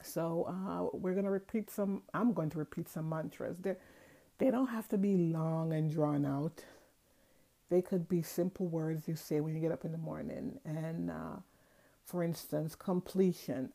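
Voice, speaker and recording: Low gravelly woman sharing affirmations. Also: steady tone, dark tone. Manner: chatty, repeats affirmations slowly. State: out of breath. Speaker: host. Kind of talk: casual spiritual talk.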